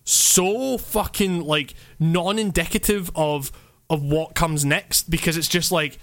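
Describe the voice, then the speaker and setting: A man talks about games in a loose, rambling way, piling up fillers and swear words between bursts of laughter. His voice sits a little high and rings very bright. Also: takes it slowly. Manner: animated, laughing. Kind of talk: casual chat.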